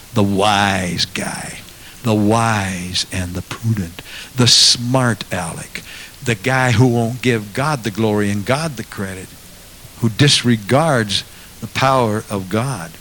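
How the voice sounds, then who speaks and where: A man preaching a sermon as a pastor, moving from quiet asides to loud, impassioned passages. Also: mid-range voice, a little hiss or hum.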